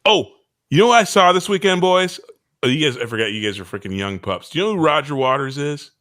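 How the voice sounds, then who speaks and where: A man's voice: a little high, expressive, quick pace, fairly bright tone. A man co-hosting a podcast, teasing and joking in casual banter. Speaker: podcast co-host. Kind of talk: casual chat.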